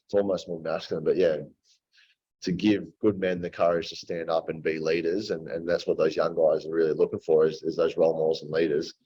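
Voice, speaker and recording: A man with a low, husky voice hosts a casual roundtable. He muses and circles back on himself with frequent restarts. The recording sounds dull and lo-fi. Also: darkish tone. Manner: reflective, rambling, many restarts. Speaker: host of a men's roundtable.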